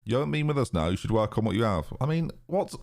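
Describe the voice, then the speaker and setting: A man's voice: medium pitch, very animated, quick pace, creaky, a little mellow. A British man streaming a football management game live, chatting sarcastically and reading out his viewers' messages. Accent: British English. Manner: chatty, sarcastic, reads chat aloud. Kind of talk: casual live-stream commentary.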